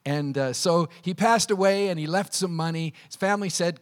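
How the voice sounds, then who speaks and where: Male pastor, high voice, lively storyteller sermon. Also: normal speed. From Canada. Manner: animated storytelling, acting out quotes.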